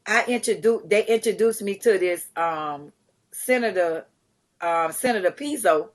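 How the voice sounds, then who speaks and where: A middle-aged woman, a charity founder, telling lively stories in a podcast interview, acting out what others said and laughing often. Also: medium pitch, unhurried. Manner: animated storyteller, acts out quotes, laughs often. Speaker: guest, community charity founder.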